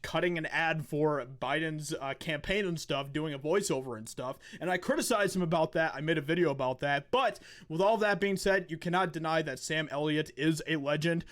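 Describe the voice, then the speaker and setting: A man with a somewhat high voice delivers opinionated video commentary. He sounds like he is losing his voice. His talk is emphatic, full of repeated words and restarts. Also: a little fast, few pauses, fairly bright tone. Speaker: commentary channel host.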